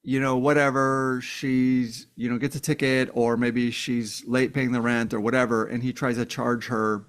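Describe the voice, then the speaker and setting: A man's voice: mid-range voice, level tone, moderate pace, few pauses, clear, resonant tone. A man talking casually and bluntly, filling his speech with "like" and swearing now and then while acting out heated quoted lines. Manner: acts out quoted voices of an angry abuser and a victim in heated tones; blunt, swears, many "like" fillers. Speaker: commentator. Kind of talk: casual spoken commentary.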